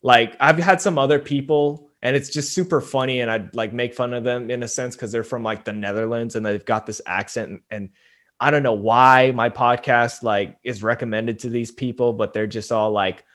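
A man's voice: mid-range voice, fairly even intonation, moderate pace, a bit bright. A young man talking casually on a podcast, rambling with lots of fillers and speaking frankly. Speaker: podcast host, guest.

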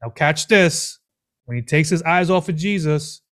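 A man preaching a sermon as pastor, animated and full of rhetorical questions and repeated phrases. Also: a little high, a little slow.

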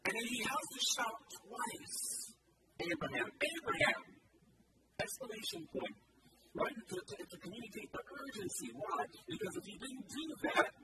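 A man preaching a sermon, reading scripture aloud, repeating key phrases and urging listeners to follow along. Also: very high voice. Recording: loud noisy recording from a distance.

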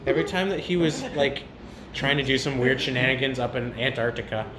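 A man's voice: mid-range voice, a little fast, over a noisy crowd. A young man co-hosting a casual podcast, rambling and laughing often as he recalls favorite scenes. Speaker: podcast co-host. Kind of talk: casual chat. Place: home bedroom. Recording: echoey room with background noise.

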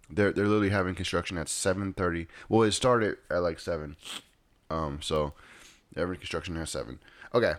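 A man's voice: low voice, dry recording. A man casually telling a rambling story at home, often checking in with his listeners. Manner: rambling, repeats "right?". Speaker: vlogger.

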